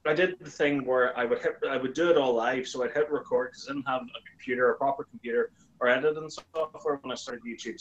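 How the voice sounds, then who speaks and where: A man in casual conversation, telling his stories with lots of energy. He slips into a higher voice to act out the lines of the people he quotes. His voice sits in an ordinary middle pitch. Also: fast talker, muffled recording. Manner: animated storyteller, acts out quoted lines in a higher voice. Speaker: YouTuber guest. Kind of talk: casual chat.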